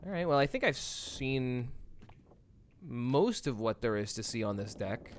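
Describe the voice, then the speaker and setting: Smooth-voiced man musing through a game. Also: fairly high pitch, animated, slow pace. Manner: muses aloud to himself, playful, swears casually. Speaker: streamer playing a game. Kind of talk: casual game commentary.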